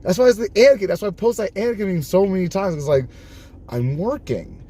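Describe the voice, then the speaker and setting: A man chatting casually on a live stream, telling stories in an animated way, laughing often and acting out the lines people said to him. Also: sits high, brisk, pauses often, breathy edge.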